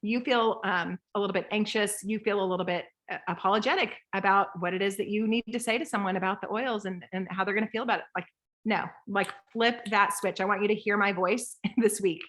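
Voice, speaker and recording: A woman in her thirties coaching a group call, lively and rambling, acting out voices as she talks. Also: mid-range voice, brisk.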